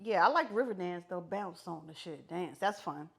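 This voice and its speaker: Woman co-host with a lively pitch. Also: normal speed, vocal fry. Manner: teasing, playful, laughs often. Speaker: podcast co-host. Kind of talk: casual chat.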